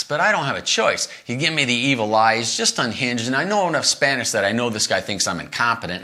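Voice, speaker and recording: On his podcast, a middle-aged man relates a road story in an easygoing way. When he quotes people he performs their lines, his voice leaping dramatically in pitch.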